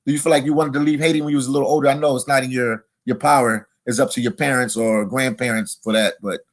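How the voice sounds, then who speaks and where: A man's voice: medium pitch, fairly even intonation, fast talker. A man interviewing a guest in a casual chat, often stopping and restarting his questions.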